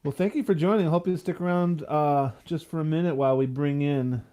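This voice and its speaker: A man's voice: fairly high pitch, a little fast, warm tone. A man hosting a casual online show, easygoing and a little hesitant as he chats and greets guests. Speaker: host.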